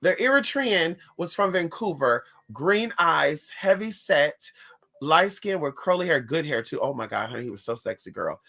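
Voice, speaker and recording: With a deep, gravelly, somewhat bright voice, this woman speaks expressively at normal speed. She's a spiritualist vlogger casually telling a personal story to camera with sass and drama, addressing listeners as honey and girl.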